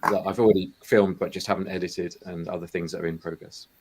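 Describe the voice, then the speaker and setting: A man's voice: low voice, fairly even intonation, fast talker, noisy background. A man chatting on a video call about restoring toys, hesitant and full of ums. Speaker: toy collecting YouTuber. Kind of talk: casual video call chat.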